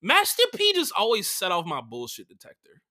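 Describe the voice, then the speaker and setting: Comedy podcast host, young man, very bright voice, slightly raised pitch, crude and animated delivery. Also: a little fast. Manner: crude, animated, full of fillers. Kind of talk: casual comedic storytelling.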